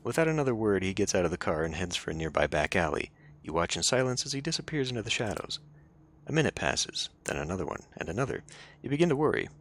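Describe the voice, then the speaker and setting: A man's voice: sits low, sing-song, fast talker, a bit bright. A man playing a story game, reading its narration aloud and breaking off into casual joking asides. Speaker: let's play streamer.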